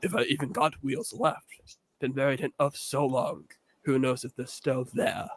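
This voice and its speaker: A man's voice: medium pitch, fairly even intonation, a little slow, slight background noise, natural voice. A man voicing a scheming old freight truck in a fan animation, telling its tale in a grim storytelling manner.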